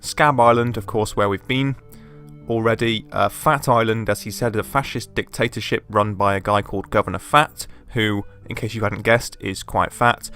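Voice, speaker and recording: A man's voice: fairly low pitch, steady tone, normal speed, a bit bright, soft background music. A man casually commenting on a video game as he plays, chatty and full of fillers. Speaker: let's play host.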